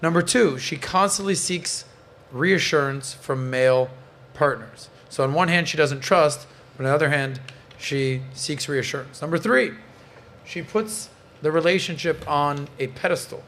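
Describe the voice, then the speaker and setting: A man's voice: on the high side, a little slow, a bit bright, a little hiss or hum. A man hosting a casual podcast panel, blunt and joking, swearing freely. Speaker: podcast host.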